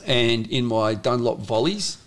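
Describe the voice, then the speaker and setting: A man's voice: medium pitch, lively intonation, measured pace. An Australian man in his fifties, a former rugby league player, telling stories in a casual, rambling way with many restarts. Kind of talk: casual storytelling interview.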